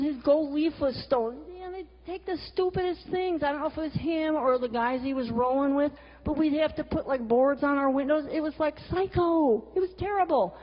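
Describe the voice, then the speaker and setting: A middle-aged woman with a high voice, a cartoonist and teacher, gives a candid storytelling talk with slides, telling vivid stories bluntly, swearing freely, and breaking in with exasperated asides. The dull, lo-fi recording rings with the long reverb of a large hall.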